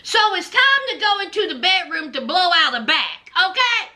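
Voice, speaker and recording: Sassy high-voiced woman recapping TV. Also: big pitch swings, normal speed, bright, forceful tone. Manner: sassy, acts out the people she recaps in voices. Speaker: reality TV recap host. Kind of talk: casual recap commentary.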